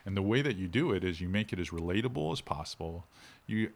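A middle-aged man, a fishing instructor talking in a casual interview with animated, shifting inflection. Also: low-pitched, fast, vocal fry.

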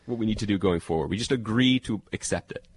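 A man, a TV critic guest on a podcast, chatting animatedly and jumping up in pitch to make a point. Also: quick pace, husky, dry recording. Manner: animated, jumps up in pitch when making a point. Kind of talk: casual chat.

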